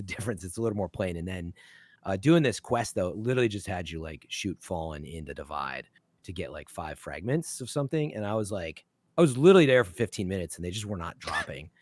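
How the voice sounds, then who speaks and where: A man's voice: low voice, no room sound. A man hosting a casual podcast chat, rambling with frequent restarts and fillers. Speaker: podcast host.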